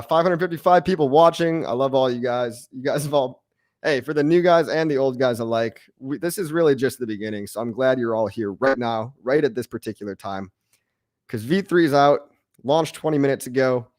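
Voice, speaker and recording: Hyped up guy streaming crypto to his chat, mid pitch, dry close mic. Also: no echo. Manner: excitable, brash, mocking haters, repeats lines. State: out of breath. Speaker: crypto livestream host. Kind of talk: live-stream chat reacting to viewers.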